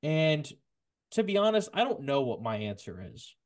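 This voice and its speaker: A man hosting a casual sports podcast, stumbling over repeated words and then rushing ahead in bursts of excitement. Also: fairly high pitch. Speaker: podcast host.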